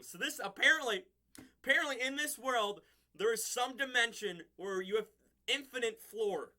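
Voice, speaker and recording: A man with a high, very bright, cutting voice talks through a TV episode in a loose, casual review. He rambles and chuckles often as he recaps. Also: moderate pace.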